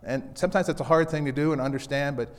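Man, pastor, relaxed folksy preaching, repeats key lines, fairly high voice, long church reverb. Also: quick pace. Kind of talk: casual conversational sermon. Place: church sanctuary.

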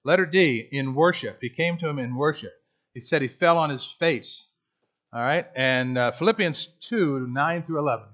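A man's voice: on the high side, moderate pace, a bit bright. A man leading a Bible study class, teaching in a conversational way and asking the group questions. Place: room with a class.

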